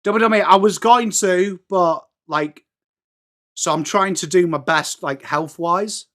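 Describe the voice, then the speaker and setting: During a live football watchalong, a middle-aged man from England chats to viewers by name, reads their messages aloud and narrates the play as it unfolds. He speaks with an English accent in a high, slightly bright voice, unhurried.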